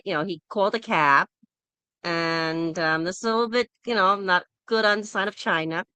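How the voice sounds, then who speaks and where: A woman's voice: fairly low pitch, clear, resonant tone, no echo. A woman hosting a casual group discussion over an online call, telling stories and acting out the people in them. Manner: animated storyteller who acts out quoted people.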